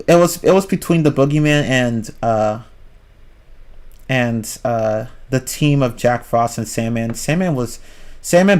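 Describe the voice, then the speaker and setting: A man's voice: medium pitch, darkish tone. A young man rambling casually through a film review on a livestream, often restarting his sentences, swearing now and then and reacting to chat. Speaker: livestream host reviewing films.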